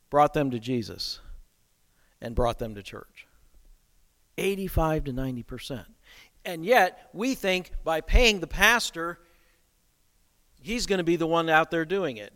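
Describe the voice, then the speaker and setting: Male preacher, slightly high voice, emphatic sermon delivery, long hall reverb. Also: bright, forceful tone. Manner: emphatic, rhetorical questions.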